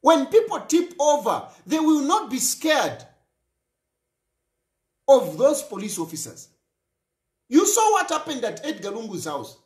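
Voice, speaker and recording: A man's voice: very high-pitched, wildly swooping pitch, measured pace, long pauses, a little mellow, reverberant. A Zambian man hosting a talk show, speaking in an impassioned political monologue and repeating phrases for emphasis.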